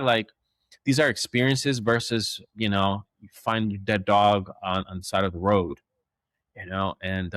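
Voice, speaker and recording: A man, a dog trainer, telling stories in a rambling, animated way with many restarts and acted-out quotes. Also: on the low side, dry recording, clean studio sound. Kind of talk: casual storytelling.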